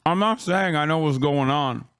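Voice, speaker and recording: A man's voice: fairly high pitch, moderate pace, a bit bright, clean tone. A man in his thirties giving sarcastic, combative stream commentary and swearing often.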